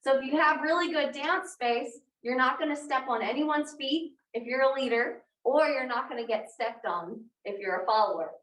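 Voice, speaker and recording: Upbeat lady dance teacher explaining steps, high voice, far from the mic in a roomy studio. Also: normal speed, few pauses, fairly bright tone. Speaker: dance instructor. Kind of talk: live dance class instruction. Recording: roomy, distant sound.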